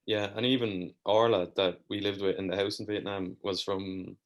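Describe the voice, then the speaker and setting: An Irish man chatting as a podcast guest, with a very low voice that barely moves in pitch. He strings his anecdotes together in long, easygoing runs and drops a casual swear now and then. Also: little pitch movement, moderate pace. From Ireland. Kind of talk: casual storytelling chat.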